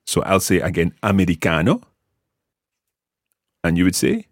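A man's voice: sits low, big pitch swings, quick pace, no room sound, studio quality. A Scottish man hosting an audio language lesson, patiently enunciating words for learners to repeat. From Scotland. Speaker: language teacher, podcast host.

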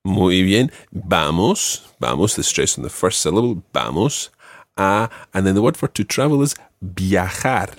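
A man teaching a language lesson, patiently quizzing a student and repeating each phrase clearly. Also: low-pitched, animated, normal speed, no echo, clean studio sound. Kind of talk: guiding a student through a spoken quiz.

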